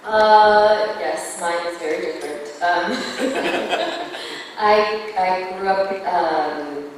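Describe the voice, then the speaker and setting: A woman's voice: fairly low pitch, lively intonation, very slow, slight background noise. A woman voice actor chatting in a giggly way on a convention panel, full of fillers. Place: convention hall. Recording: echoey hall from far off.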